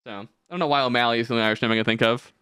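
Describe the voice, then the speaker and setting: A man's voice: medium pitch, rapid-fire, clear, resonant tone, no echo. A young man hosting a casual podcast, rambling and swearing as he tells stories. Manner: animated, swearing, rambling storytelling. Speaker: podcast host.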